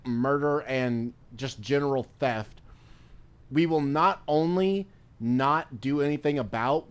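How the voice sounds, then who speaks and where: A male streamer chatting casually while gaming, rambling through stories with free swearing. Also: mid-range voice. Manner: rambling, swears freely, loose storytelling.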